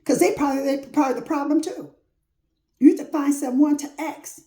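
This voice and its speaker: A woman gives an informal, faith-based motivational talk in a high, dark-toned voice, speaking a little fast. She uses a repetitive, emphatic preacher cadence and folksy, casual wording, and the room echoes noticeably.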